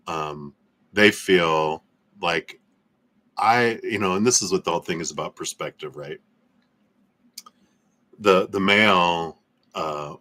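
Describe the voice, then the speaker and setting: Deep-voiced man rambling through a tarot reading. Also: pushed and bright. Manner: loose, rambling, with frequent fillers and laughs. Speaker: tarot reader. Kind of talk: live tarot reading stream.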